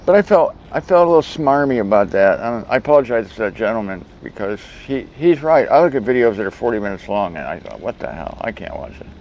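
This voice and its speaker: A man's voice: mid-range voice, sing-song, quick pace, few pauses, darkish tone, a little hiss or hum, rough recording. A man hosting his own video show, telling a story in a rambling, chatty way with frequent restarts. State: speech thickened by a swollen tongue. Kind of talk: casual video monologue.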